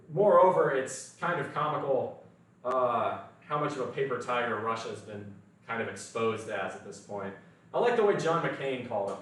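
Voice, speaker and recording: A man's voice: medium pitch, a bit bright, recorded from a distance. Blunt American man in an echoey room. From United States. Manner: blunt, opinionated, swears freely. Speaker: fitness livestream host. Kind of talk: casual livestream chat.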